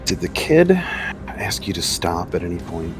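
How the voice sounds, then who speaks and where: A man's voice: sits low, sing-song, normal speed, faint music behind. A man playing a tabletop role-play, questioning in character in a curt, cold way. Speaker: player.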